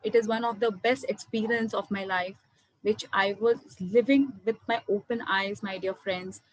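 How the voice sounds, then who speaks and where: A woman's voice: medium pitch, fairly even intonation, normal speed, poor audio. A woman, sharing a personal spiritual testimony in an earnest way and often addressing her listeners as friends. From India. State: emotional. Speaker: meditation speaker. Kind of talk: personal testimony to an online audience.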